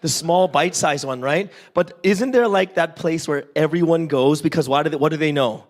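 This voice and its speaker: High-voiced man preaching animatedly. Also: moderate pace. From Canada. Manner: animated storytelling, constantly checks in with "right?"; questions the congregation directly and acts out little voices. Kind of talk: interactive sermon. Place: church service.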